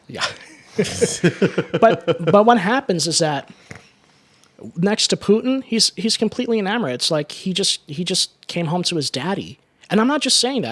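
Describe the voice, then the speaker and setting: A man co-hosting a political talk show, talking in an animated, joking way and often stumbling over words. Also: sits high, no echo. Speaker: co-host of a political radio show. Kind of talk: casual political commentary.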